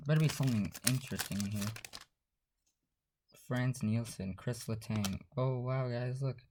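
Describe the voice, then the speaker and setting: A man hosting a casual card-unboxing vlog, talking quietly in a half-whisper, sarcastic and dismissive. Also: mid-range voice, normal speed. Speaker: card-opening channel host. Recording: noisy home recording with pack crinkling.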